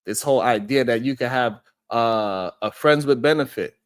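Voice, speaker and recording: A man's voice: mid-range voice, moderate pace, clear, resonant tone. A man hosting a live-stream show, giving preachy commentary with frequent swearing and talking directly to his viewers. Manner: animated, preachy, swears often, talks to viewers. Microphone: streaming setup.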